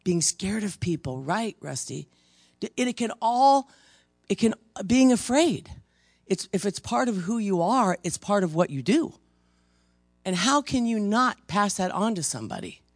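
A man teaches in a conversational, storytelling way, pressing hard on his key points and stumbling into restarts as he goes. His voice has a gravelly texture. The recording is close and dry. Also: high voice, very animated, a little slow, no echo. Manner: emphatic, storytelling, frequent restarts. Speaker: preacher.

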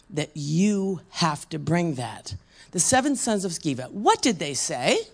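A woman's voice: fairly low pitch, animated, moderate pace, gravelly. A woman preacher delivering a conversational sermon, asking the room questions and acting out quoted voices.

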